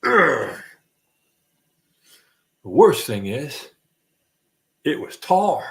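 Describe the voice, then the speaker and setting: Gravelly voiced guy rambling thru a goofy story on his stream, doing clicky sound effects. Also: mid-range voice, very animated, drawn-out words, a bit bright. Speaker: livestream host. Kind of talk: casual storytelling chat.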